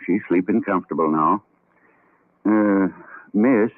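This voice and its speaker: An actor playing a blunt, doubting old country doctor in a 1940s radio drama. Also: male voice, sits low, unhurried. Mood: stern. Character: gruff, suspicious old male country doctor. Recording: tinny old radio broadcast.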